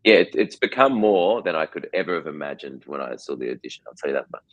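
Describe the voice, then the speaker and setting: A man's voice: a bass voice, animated, quick pace, a bit bright, muffled recording. An Australian man in his forties, a guest actor chatting in an interview, rambling with lots of restarts and repeated words. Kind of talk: casual interview chat.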